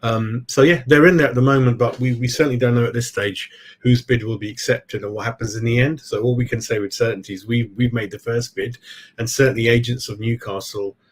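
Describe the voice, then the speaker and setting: A man's voice: medium pitch, steady tone, a little fast. A chatty man in the middle of a casual live stream, talking in a mid-range voice. He rambles through his thoughts, answers viewers as he goes, and throws in "mate" every few lines. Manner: chatty, keeps saying "mate". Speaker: football fan channel host.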